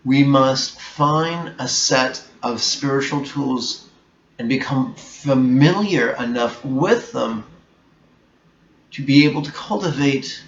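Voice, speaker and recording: A man speaking very slowly and deliberately at a middle pitch, giving a reflective meditation talk with blunt emphasis. The room echoes around him, and the sound is dull and slightly muffled, with a faint hiss underneath. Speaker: meditation teacher.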